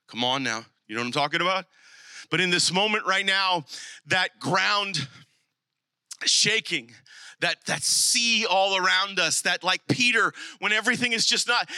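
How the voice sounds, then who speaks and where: Male pastor for a sermon: high, very bright, dry close sound, swings between fervent and hushed. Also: a little slow, smooth, no echo. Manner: rising to animated emphasis, dropping to soft intimate appeals; repeats rallying asides like "come on now".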